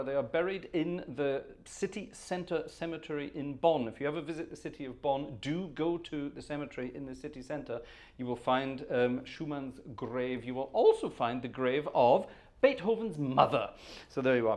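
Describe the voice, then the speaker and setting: A middle-aged British man with a posh accent, hosting a relaxed organ music livestream in a rambling, chatty way and chuckling at his own asides. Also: mid-range voice. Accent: posh British English. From Britain. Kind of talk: casual livestream chat between organ pieces. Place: organ room.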